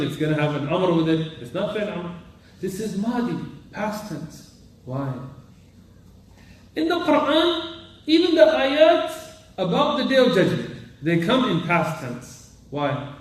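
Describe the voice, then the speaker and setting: A man teaching a class of students on Quran commentary and Arabic grammar. He quizzes his students and mixes Arabic terms into his English. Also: sits high. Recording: very echoey room, voice far from the mic.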